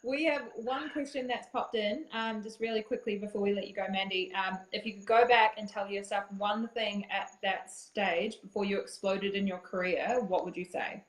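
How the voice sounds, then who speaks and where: A woman hosting an interview over a video call, enthusiastic and quick to laugh. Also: mid-range voice, fairly even intonation, roomy sound, poor audio. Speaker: interview host. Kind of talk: casual interview chat.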